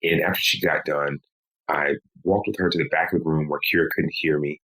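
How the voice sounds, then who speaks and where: A man, a podcast guest, recounting a painful personal story in a slow, measured way. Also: rumbling low, steady tone, sharp tone, low-quality recording. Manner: slow, measured telling with pleading quoted lines.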